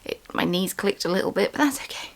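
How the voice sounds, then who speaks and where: A woman's voice: mid-range voice, lively intonation, fast, vocal fry. A woman running a small craft business, talking in a chatty, rambling way with lots of ums in a casual vlog. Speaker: small business owner and vlogger.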